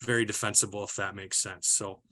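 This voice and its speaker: A man's voice: lowish voice, level tone, brisk, sharp tone. A male basketball referee giving practical, matter-of-fact officiating advice with some fillers. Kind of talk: instructional talk on officiating.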